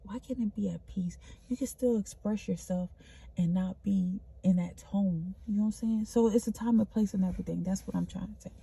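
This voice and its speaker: A woman with a medium-pitched, steady, warm, husky and creaky voice talks briskly as she vlogs an earnest spiritual pep talk. Spontaneous, with loose restarts, she repeats herself and calls the listener honey in this motivational monologue.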